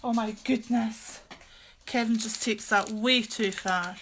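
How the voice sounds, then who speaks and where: A woman's voice: a little high, steady tone, slow, a bit bright, a little hiss or hum. A woman hosting a casual crafting livestream from her craft room, chatty and gushing, often giggling.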